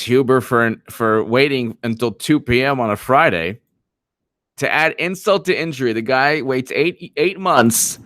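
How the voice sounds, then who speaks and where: A man hosting a political commentary livestream, talking in a rambling, animated, self-interrupting way. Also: medium pitch, no echo, clean studio sound.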